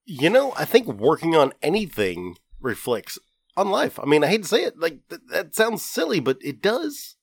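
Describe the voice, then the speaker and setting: A man's voice: a little high, wildly swooping pitch, moderate pace, vocal fry, dry recording, studio quality. A man co-hosting a podcast in casual chat, rambling and self-deprecating, often restarting his sentences. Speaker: podcast co-host.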